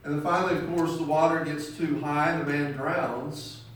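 A man's voice: on the high side, fairly even intonation, moderate pace. Echoey, distant man preaching. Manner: storytelling, acts out quoted voices. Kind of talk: sermon. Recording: very echoey room from far off.

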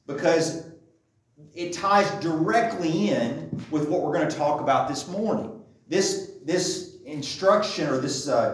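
A man's voice: fairly high pitch, slight background noise. A man teaching a sermon in a conversational style, often checking in with the congregation, recorded from a distance in a very echoey church room. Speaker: preacher.

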